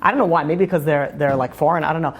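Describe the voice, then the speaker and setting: A man's voice: fairly high pitch, very fast, husky. A man, a rabbi giving a casual, joking class. He rambles through asides and self-mocking humor and fills his talk with "you know" and "like".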